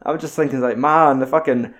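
A man with a Scottish accent in casual film chat, swearing freely and getting animated as he retells scenes. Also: medium pitch, fairly quick.

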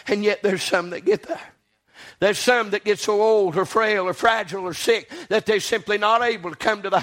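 A man preaching a sermon with fervent swings from low murmurs to shouted peaks, repeating phrases and punctuating with amen.

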